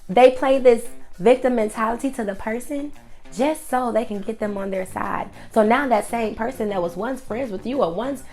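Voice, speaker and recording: A woman's voice: on the high side, moderate pace, darkish tone, soft background music. A woman hosting an advice monologue, speaking emphatically with lots of repetition. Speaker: host.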